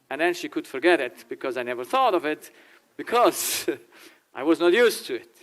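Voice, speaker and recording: An older German-speaking man gives an animated talk to a church audience, laughing often and slipping into little acted dialogues. His voice sits a touch high for a man. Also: normal speed. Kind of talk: informal talk with acted quotes.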